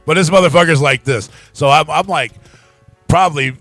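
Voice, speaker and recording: A man's voice: on the high side, normal speed, vocal fry, a bit bright, dry recording, faint music behind. Profane laughing man telling a road story. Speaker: podcast host. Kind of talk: casual storytelling chat.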